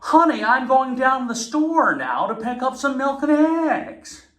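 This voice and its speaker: A man putting on the voice of a relentlessly energetic female fitness instructor, shrill and over-enunciated, at maximum energy on every word. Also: a little slow, exaggerated voice. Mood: over-the-top peppy. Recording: echoey room.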